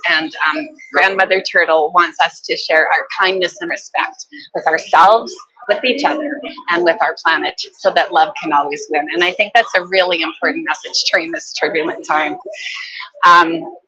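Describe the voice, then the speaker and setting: A woman from Canada presenting her children's book at a book fair, telling its story in a gentle, earnest way. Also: on the low side, steady tone, normal speed, dull audio, crowd noise.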